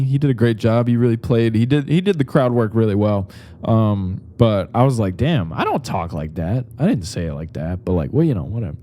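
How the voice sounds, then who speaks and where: A man's voice: mid-range voice, dark tone. A young man hosting his own podcast alone, telling stories in a rambling, loose way with plenty of swearing. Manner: rambling and loose, with lots of fillers and profanity. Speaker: podcast host. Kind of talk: casual solo podcast monologue.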